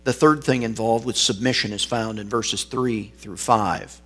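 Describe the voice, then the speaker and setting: A man's voice: lowish voice, fairly even intonation, unhurried, a bit bright, slightly rough. A male pastor preaching an expository sermon, reading and explaining scripture with varied emphasis.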